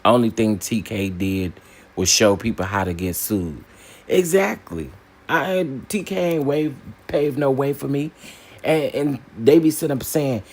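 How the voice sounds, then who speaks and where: A man hosting a casual opinion commentary, emphatic and animated, repeating phrases for punch. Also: mid-range voice, measured pace, slightly rough. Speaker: commentary channel host.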